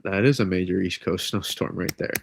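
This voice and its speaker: A man's voice: sits low, fairly quick, creaky, background noise. A man forecasting weather on a live stream, rambling and restarting his sentences, stuffy and under the weather with a cold. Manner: rambling, self-correcting, casual. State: congested from a cold.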